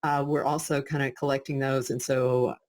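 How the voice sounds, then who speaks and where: A woman's voice: extremely low pitch, level tone, normal speed, darkish tone. A woman co-hosting a webinar over a video call, talking in an encouraging, upbeat way and thanking people in the chat. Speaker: webinar co-host. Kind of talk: casual webinar talk.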